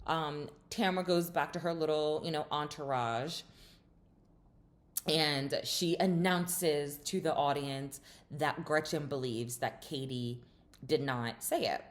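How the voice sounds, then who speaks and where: A woman's voice: low voice, steady tone, slow. A woman hosting a casual reality TV recap, chatty and opinionated, with lots of fillers and sassy asides.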